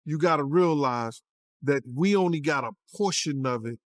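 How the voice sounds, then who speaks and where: A man's voice: on the high side, animated, moderate pace, no room sound. Emphatic man in a dry recording. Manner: streetwise, emphatic, repeats words. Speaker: commentator in a clip. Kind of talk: casual talk.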